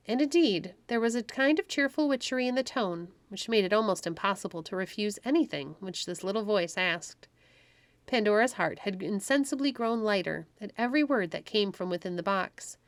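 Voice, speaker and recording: A woman reading a classic story aloud for families. Her telling is gentle and expressive, and the sound is dry and close. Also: mid-range voice, normal speed, no room sound. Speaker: storybook narrator.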